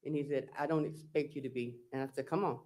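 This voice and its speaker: A woman testifying as a defendant in court. She reads text messages aloud in a slow, halting, plain-spoken way, recounting each exchange with "I said" and "he said.". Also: a bass voice, steady tone, a little mellow.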